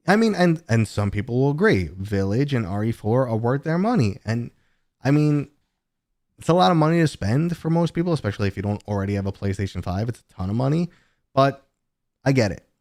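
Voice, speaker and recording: A man's voice: mid-range voice, lively intonation, fairly quick, a little mellow, dry recording, clean studio sound. A man in his thirties hosts a livestream, chatting casually and rambling as he answers viewer questions. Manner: rambling, chatty, with many fillers and restarts. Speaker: host.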